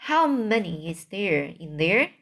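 A woman voicing a kindly, soft-hearted male giant who talks in odd broken grammar. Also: medium pitch, very animated, unhurried. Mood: sad.

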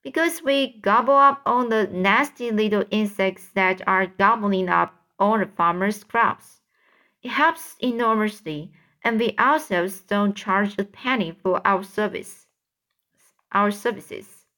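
A woman voicing a proud, gently snobbish female ladybug in a read-aloud storybook, measured and faintly haughty. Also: medium pitch. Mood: prim.

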